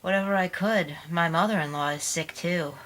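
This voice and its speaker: A woman's voice: fairly low pitch, moderate pace, a bit bright, lightly acted. A woman voicing a weary young mother, speaking earnestly.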